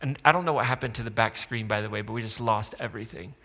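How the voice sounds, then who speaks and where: A man's voice: lowish voice, fast talker, creaky, sharp tone. A pastor preaching a sermon in a church, conversational and sarcastic, acting out quotes from the stories he tells. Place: church auditorium. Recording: long hall reverb.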